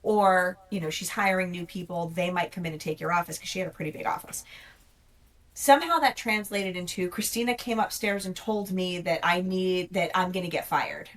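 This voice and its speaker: A woman's voice: fairly low pitch, a little fast, a bit bright, recorded from a distance. A woman veteran chatting casually on a podcast, blunt and full of stories. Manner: blunt, storytelling, frequent "like" and "yep". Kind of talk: casual chat.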